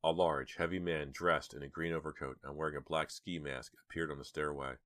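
A man narrating a horror audiobook in a steady, measured storytelling manner. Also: extremely low pitch, no echo.

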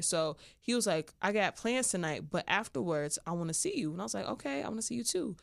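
A woman's voice: medium pitch, no room sound, clean studio sound. A woman hosting a podcast and telling a candid, playful story in casual chat full of slang. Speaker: podcast host.

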